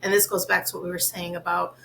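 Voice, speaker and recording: A woman's voice: lowish voice, flat delivery, quick pace, gravelly, fairly bright tone, a little hiss or hum, poor audio. A woman hosting an interview podcast, chatty and relatable, asking friendly follow-up questions. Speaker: podcast host. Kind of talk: casual interview conversation.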